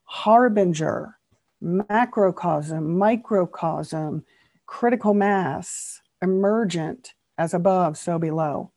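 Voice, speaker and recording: A woman's voice: on the low side, slow pace, no echo. A woman author on a podcast as a guest, earnestly explaining old teachings term by term. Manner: earnest, steady explainer who spells out terms.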